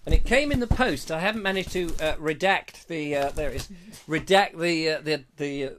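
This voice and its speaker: A man's voice: fairly high pitch, brisk, a bit bright, faint music behind. A British man hosting a live online show, casually reading viewer comments aloud with playful jokes and asides. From Britain. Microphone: lapel mic.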